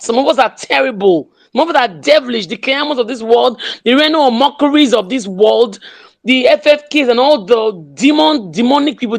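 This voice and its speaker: A woman's voice: fairly high pitch, creaky. A woman with a Nigerian accent giving an impassioned political speech, emphatic and repeating her slogans. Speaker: speaker in an online audio room.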